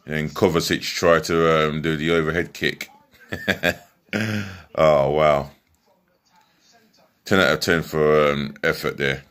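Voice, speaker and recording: A man's voice: extremely low pitch, level tone, slow, pauses often, fairly bright tone, smooth. A man giving a chatty, rambling football match preview from home, full of fillers and restarts. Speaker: football fan vlogger. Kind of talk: casual match preview vlog.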